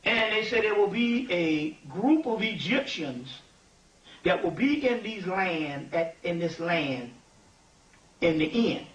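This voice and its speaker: A man giving an informal spiritual lecture, animated and digressive, often checking that listeners follow. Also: high voice, slow pace, highs cut off. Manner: animated, digressive, keeps asking "you see what I'm saying". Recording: echoey room, distant mic, faint ambient noise.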